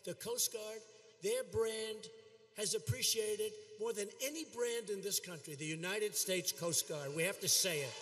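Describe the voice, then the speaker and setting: Older man, high-pitched voice, rally speech, repetitive, boastful, reverberant arena. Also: a little slow. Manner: repetitive, boastful, shouting out to a crowd. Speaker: politician at a rally. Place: large arena. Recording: long hall reverb from an arena.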